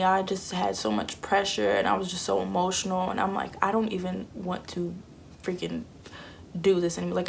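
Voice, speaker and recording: Telling a casual story, a vlogger in her twenties chats openly and imitates what others said. Her fairly low voice is creaky, and there's slight background noise.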